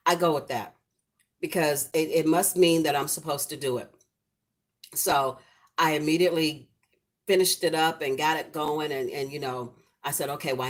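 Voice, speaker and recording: Middle-aged woman, low warm speaking voice, chatty home cooking host talking to her viewers. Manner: chatty and affectionate, talking to the comments. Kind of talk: casual livestream chat with viewers. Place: home, lit by a ring light.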